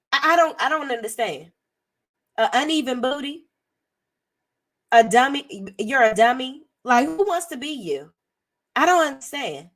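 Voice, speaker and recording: A hoarse woman giving a blunt, sassy, profane commentary as a reality TV reviewer. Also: mid-range voice, a bit bright. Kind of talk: casual commentary.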